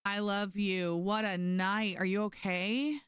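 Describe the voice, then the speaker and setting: This gaming stream features a young woman speaking slowly in a clear, resonant, mid-range voice. She chats casually and animatedly, reading messages aloud and thanking viewers. The sound is dry and studio quality.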